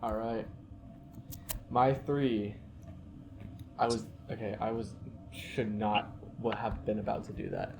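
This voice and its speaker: A man's voice: lowish voice, steady tone, takes it slowly, pauses often, a little mellow. Young man, playful, joking podcast co-host, noisy recording. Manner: joking and playful, laughs often. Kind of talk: casual sports picks chat. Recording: clear background noise.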